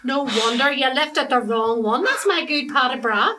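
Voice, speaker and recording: A woman's voice: high voice, lively intonation, measured pace, sharp tone, full character voice. An actress playing a chatty, gossipy middle-aged mother with a Belfast accent. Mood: bemused. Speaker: mother and wife. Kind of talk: comedy drama acting.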